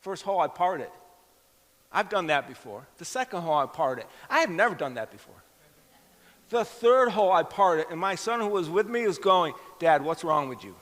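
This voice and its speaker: In a church hall with long reverb, a middle-aged pastor tells a personal story during his sermon, performing the voices of the people in it. He sounds animated and brisk, his voice sitting high and a bit bright.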